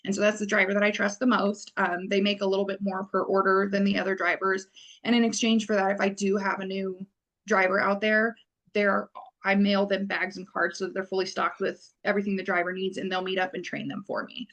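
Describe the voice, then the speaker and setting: A woman's voice: medium pitch, flat delivery, fairly quick, a bit bright. Woman, business owner guest, rambling and wordy, casual podcast chat. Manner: wordy, rambling, many fillers.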